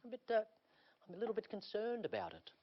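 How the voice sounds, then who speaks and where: A man's voice: sits high, huge pitch swings, fast. A man hosting a TV panel show, asking teasing, dry questions. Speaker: host. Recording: dull lo-fi TV audio with noise.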